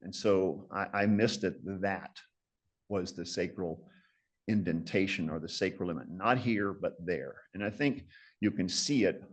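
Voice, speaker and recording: A man's voice: deep voice, unhurried. A man in his sixties giving a conversational lecture as a guest surgeon, telling stories in a self-deprecating, reflective way.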